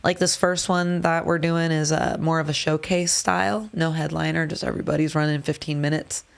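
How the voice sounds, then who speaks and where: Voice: mid-range voice, little pitch movement, a little fast, vocal fry, clear, resonant tone. A podcast host in casual chat about a comedy show they are producing, joking and laughing often. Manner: chatty, laughs often, jokey.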